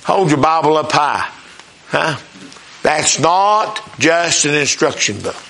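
A male preacher with a high, bright, forceful voice delivers a sermon. He talks in a folksy, down-home way and keeps checking in with his listeners. He slows right down to read scripture with weight. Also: very animated, vocal fry. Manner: folksy, questioning the congregation often; reads scripture slowly and emphatically.

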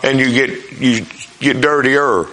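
A man preaching a sermon in a folksy, plain-spoken way. He often checks in with his congregation and reads scripture slowly and emphatically. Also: medium pitch, pushed and bright.

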